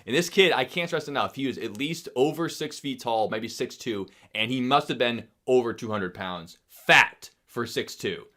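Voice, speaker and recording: Bright-voiced man telling a story. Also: medium pitch, normal speed, few pauses. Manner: animated storyteller, acts out quotes with loud laughs. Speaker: podcast co-host. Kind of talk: casual storytelling chat.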